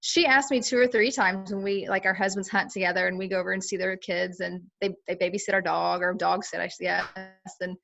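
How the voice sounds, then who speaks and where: A woman's voice: mid-range voice, fairly even intonation, a little fast, gravelly, fairly bright tone, soft background music. A woman chatting casually on a team call, full of fillers and acting out what others said. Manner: chatty, lots of fillers, acts out quoted talk. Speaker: team member sharing her experience.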